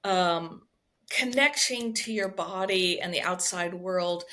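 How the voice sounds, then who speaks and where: With a lowish, bright, forceful voice and a slow pace, a woman talks as the guest somatic healer on a podcast. The interview is conversational, and she explains expressively while sprinkling in frequent "right?" asides.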